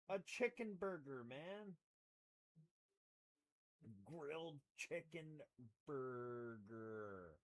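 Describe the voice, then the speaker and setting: A man's voice: medium pitch, fairly bright tone. A young man chatting casually on a livestream while crafting, rambling with goofy, playfully sarcastic asides in a slightly crackly voice. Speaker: streamer.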